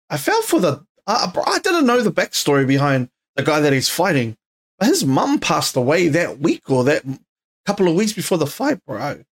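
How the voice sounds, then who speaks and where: A tired man with a New Zealand accent talks into his podcast mic in a loose, rambling way. He swears freely and leans on slang and fillers as he drifts from one thought to the next. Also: a little high. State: tired, yawning. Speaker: podcast host. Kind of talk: casual solo podcast chat. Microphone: podcast microphone.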